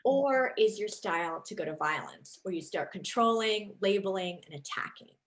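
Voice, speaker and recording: A woman's voice: medium pitch, normal speed. A woman in her thirties, a leadership coach, giving an enthusiastic, chatty online presentation over a video call. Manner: lively, enthusiastic, chatty with many fillers.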